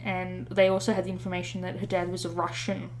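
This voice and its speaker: A woman's voice: lowish voice, completely flat delivery, fast, slight background noise. Chatty woman podcaster telling a story. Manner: chatty retelling with many fillers and self-corrections. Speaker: podcast co-host. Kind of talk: casual storytelling chat.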